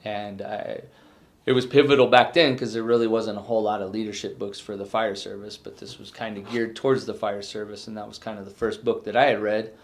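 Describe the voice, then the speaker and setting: A middle-aged man and retiring fire chief, reflecting in an exit interview, earnest and halting with many restarts. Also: on the low side, flat delivery.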